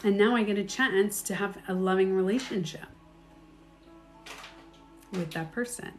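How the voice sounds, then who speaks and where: A woman life coach giving candid, animated advice in casual talk, with her own stories and laughter. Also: mid-range voice, a little slow, soft background music.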